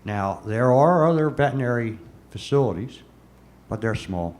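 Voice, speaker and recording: A man's voice: medium pitch, lively intonation, moderate pace, a little mellow. A man serving as a city commissioner, pressing his points in a council meeting and often repeating words.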